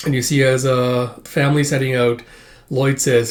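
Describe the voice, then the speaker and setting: A man's voice: mid-range voice, flat delivery, moderate pace. A man hosting a casual manga read-through, rambling with many fillers and frequent chuckles. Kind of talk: casual reading commentary.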